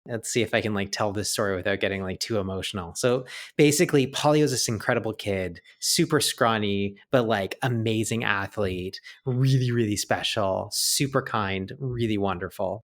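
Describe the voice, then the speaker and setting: A man's voice: fairly low pitch, moderate pace. A man, a podcast guest, telling a personal story in a chatty way, full of filler words. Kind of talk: storytelling in an interview.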